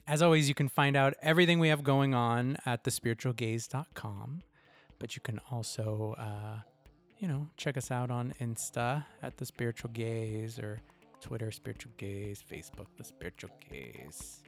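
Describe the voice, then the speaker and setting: A man's voice: medium pitch, moderate pace, faint music behind. Appreciative man signing off a podcast. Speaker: podcast co-host. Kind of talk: casual podcast sign-off.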